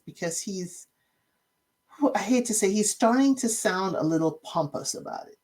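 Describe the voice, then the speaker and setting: Animated woman recapping a show. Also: medium pitch, moderate pace. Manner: animated storytelling, acting out quotes. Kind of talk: casual chat recap.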